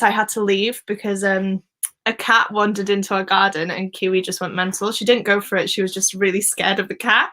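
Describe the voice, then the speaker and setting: A woman's voice: mid-range voice, pushed and bright. A woman from Wales, hosting a casual live stream, chatting easily, laughing often and reading out viewer comments.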